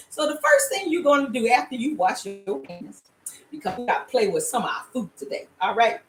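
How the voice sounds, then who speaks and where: Older woman, chatty home-cooking host, playful check-ins, mid-pitched voice, roomy echoey kitchen sound. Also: very animated, moderate pace, slight background noise. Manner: chatty, playful, frequent laughs and "all right?" check-ins. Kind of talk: casual recipe demonstration. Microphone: laptop camera.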